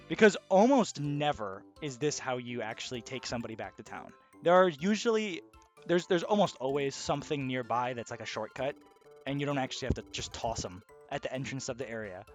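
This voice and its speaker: A man giving casual, excitable video game commentary, swearing freely. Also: fairly high pitch, a little fast, faint music behind. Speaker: let's play host.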